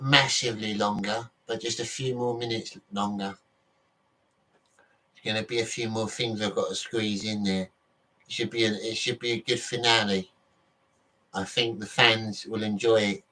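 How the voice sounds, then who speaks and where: A man's voice: on the low side, bright, forceful tone, distant mic, rough recording. A man from Britain vlogging in a casual, rambling monologue, often correcting himself and swearing offhandedly.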